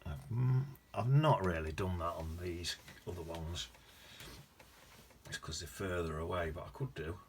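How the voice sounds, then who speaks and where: A man's voice: sits low, unhurried. A man teaching watercolour, chatting casually and thinking aloud as he paints, often correcting himself. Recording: noticeable background noise.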